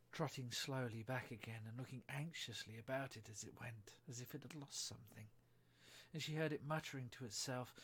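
A man reading a children's story aloud in a measured, gently expressive way. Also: medium pitch, slightly rough. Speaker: reader.

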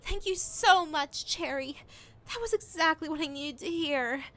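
A woman's voice: high-pitched, a little slow, bright, forceful tone. A woman voicing an emotional young college student who gushes effusively. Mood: gushing. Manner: gushing, effusive.

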